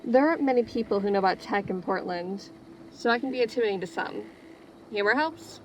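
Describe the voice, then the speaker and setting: A woman's voice: fairly high pitch, expressive, fast, darkish tone, slight background noise, lightly acted, rough recording. A woman voicing a playful young female tech trader in a video game, who builds robots and talks in a teasing, jokey way. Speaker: merchant. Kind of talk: video game character dialogue.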